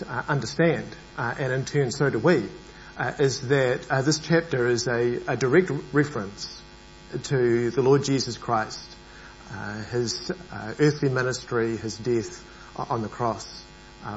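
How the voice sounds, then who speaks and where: Man preaching with halting fillers. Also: mid-range voice. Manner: hesitant, many fillers, grows animated. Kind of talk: sermon. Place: church. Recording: dull lo-fi recording with mains hum.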